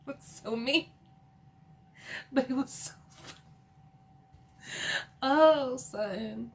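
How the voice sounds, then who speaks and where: A woman's voice: on the high side, animated, slow, pauses often, a bit bright. A woman giving a casual, chatty recap of a reality TV episode, often laughing and filling her talk with "like". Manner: chatty, giggly, filler-heavy.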